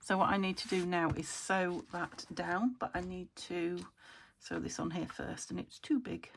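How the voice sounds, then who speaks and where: A woman's voice: fairly low pitch, steady tone, normal speed, creaky, slight background noise. A British woman thinking aloud as she demonstrates a craft project, often muttering half-whispered asides to herself. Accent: British English. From United Kingdom. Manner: self-talk, thinking aloud, chuckling. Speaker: crafter demonstrating junk journal making. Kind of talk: chatty crafting tutorial, talking to herself.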